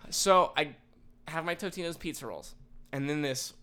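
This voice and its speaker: A man co-hosting a casual podcast, telling a story with lively acted-out quotes. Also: a little high, normal speed, clean tone. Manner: animated, acts out quoted people in raised voices. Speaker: podcast co-host.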